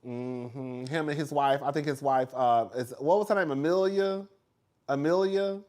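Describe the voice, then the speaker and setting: A man's voice: medium pitch, measured pace, darkish tone. A man hosting a casual chat with viewers in a gossipy, chatty way, calling everyone "girl" and laughing often. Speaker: host.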